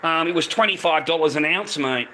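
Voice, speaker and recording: Fairly high-pitched, brisk, bright and forceful, this middle-aged man's voice carries an angry live-stream rant laced with swearing and a "mate" at the end of nearly every line. The audio is poor, with a little hiss or hum.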